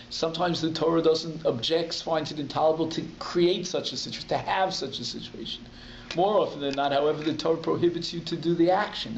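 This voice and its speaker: A man's voice: a little high, creaky, reverberant, lo-fi sound, slight background noise. A man, a rabbi giving a conversational Talmud class, explaining step by step and restating each term in plain English. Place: community synagogue hall.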